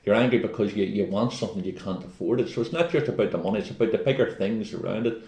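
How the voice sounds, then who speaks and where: A man's voice: lowish voice, fast, a little mellow. A man co-hosting a casual wellness chat, rambling and jokey as he gives advice. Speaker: co-host. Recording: echoey room.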